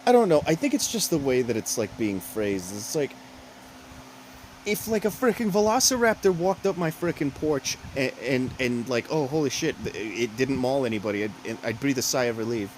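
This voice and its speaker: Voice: medium pitch, animated, moderate pace, darkish tone, slight background noise, low-quality recording. A podcast co-host in casual chat who rambles, restarts often, and drops sarcastic asides.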